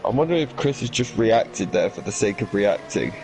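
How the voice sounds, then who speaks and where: A man's voice: lowish voice, brisk, over a noisy crowd, rough recording. Chatty male sim racing commentator. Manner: chatty, animated, argues his point. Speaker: race commentator.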